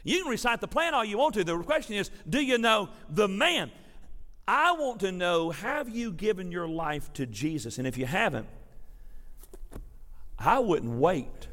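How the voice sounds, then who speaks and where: A man preaching a sermon, telling a folksy story to his congregation in a lively, animated way. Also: sits high, measured pace. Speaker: pastor. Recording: preached in a reverberant sanctuary.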